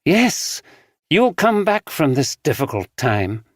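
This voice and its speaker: A male narrator voicing a caring woman who gently reassures her partner. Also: deep voice, very animated, takes it slowly, breathy edge, no room sound, clean studio sound, pitched above the performer's own voice, heavily acted. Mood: reassuring.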